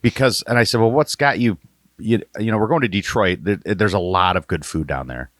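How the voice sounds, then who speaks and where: Low-voiced man in loose podcast banter. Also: fairly quick, no echo, studio quality. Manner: loose, joking, trails off and restarts.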